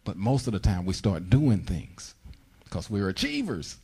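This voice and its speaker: A middle-aged man preaching with fervor, his voice low and mellow with a husky edge. He slips into high, pleading prayer voices as he teaches. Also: huge pitch swings, measured pace. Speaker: pastor. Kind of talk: sermon.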